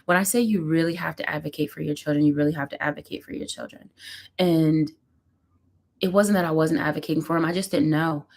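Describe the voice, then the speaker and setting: A woman's voice: deep voice, fairly even intonation, a little fast, gravelly, a little mellow. A woman, a mother and vlogger, talking candidly and emotionally at home on a casual live stream, rambling with lots of fillers.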